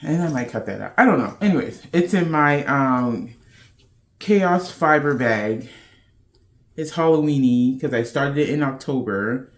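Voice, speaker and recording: A woman's voice: a bass voice, lively intonation, a little slow. A woman hosting a podcast in casual chat to camera, playful and loose, with slangy talk. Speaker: podcast host.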